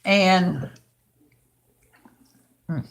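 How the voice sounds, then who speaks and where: An older woman with a drawl talks on a craft livestream, her voice worn hoarse and raspy. She rambles in a chatty way and calls out to viewers by name. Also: lowish voice, drawn-out words. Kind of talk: casual craft livestream chat.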